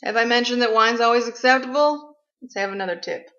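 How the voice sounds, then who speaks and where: A woman's voice: fairly high pitch, a little fast, fairly bright tone. A woman vlogger delivering a blunt, sarcastic, profane comic rant. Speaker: vlogger ranting about gifts. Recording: echoey room, slightly dull sound.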